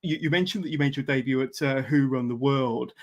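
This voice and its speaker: A man's voice: medium pitch, a little fast, dull audio. A man hosting a live podcast interview, hesitating often and reading out viewer questions. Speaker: podcast host.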